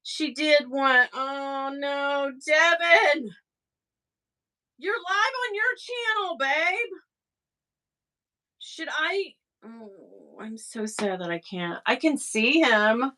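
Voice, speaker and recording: A woman's voice: sits high, expressive, very slow, pushed and bright. A middle-aged woman chatting casually on her livestream, rambling and exasperated as she talks to her viewers. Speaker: livestream host.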